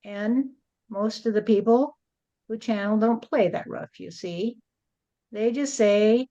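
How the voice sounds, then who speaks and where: A woman's voice: mid-range voice, takes it slowly, dark tone, lo-fi sound. A woman channeling a spirit and speaking as God, blunt and lecturing, often adding "you see".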